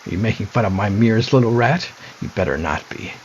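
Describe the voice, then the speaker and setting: A man puts on a spiteful young woman from a game, raised a little above his own deep voice. She taunts and sneers in a sing-song way. The mic sounds dull and lo-fi. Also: lively intonation, fast, slight background noise, lightly acted. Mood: taunting. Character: cruel, mocking young woman, obsessed with mirrors.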